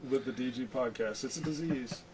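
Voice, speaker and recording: A man's voice: medium pitch, a little fast, a little mellow, a little hiss or hum. A man co-hosting a casual podcast with dry, sarcastic jokes. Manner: wry, sarcastic, joking. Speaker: podcast co-host.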